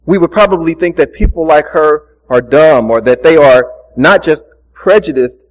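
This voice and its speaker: Male pastor preaching, kinda higher voice, chatty asides, dull lo-fi sound. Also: moderate pace, in a large hall. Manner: earnest storytelling preacher, conversational asides. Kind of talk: sermon.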